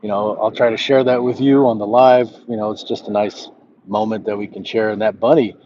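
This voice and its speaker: A man hosting a casual livestream, reading viewers' comments aloud and answering them in a relaxed, friendly way. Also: on the low side, fairly quick, dull audio, slight background noise. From Southwest United States. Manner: reads chat messages aloud, relaxed and friendly. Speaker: livestream host. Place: walking outdoors.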